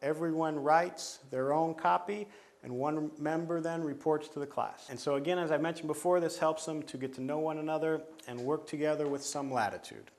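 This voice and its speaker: Male lecturer, slightly high voice, steady explanatory delivery, pauses to clear throat. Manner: measured, explanatory, frequent restarts and throat clearing. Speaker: teacher trainer. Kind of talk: lecture on teaching pronunciation.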